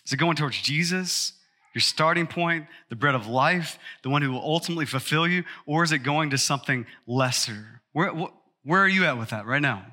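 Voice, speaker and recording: A man, a pastor, preaching a sermon with emphatic rises to loud peaks. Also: on the high side, fairly quick.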